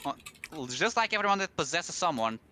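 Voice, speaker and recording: A man's voice: on the high side, very animated, a little fast, pushed and bright, slight background noise. A man playing a tabletop game, chatting casually and hesitantly, trailing off now and then. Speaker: player.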